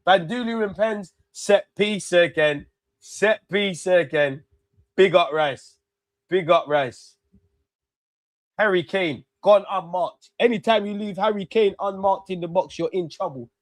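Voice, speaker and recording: High-voiced ranting man. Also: unhurried, no room sound. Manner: ranting, excitable, swears freely. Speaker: watch-along host. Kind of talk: live football watch-along commentary.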